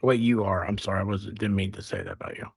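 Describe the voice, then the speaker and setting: Joking animated man from Massachusetts. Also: fairly low pitch, fast talker, husky, no room sound. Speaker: livestream co-host. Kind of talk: casual chat.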